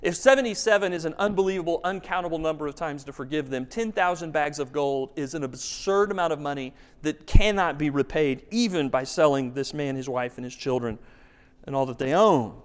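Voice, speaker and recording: A man's voice: on the high side, fairly quick, clear, resonant tone. A man preaching a sermon as pastor, telling a story with emphasis and asking rhetorical questions. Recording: long reverb of a large hall.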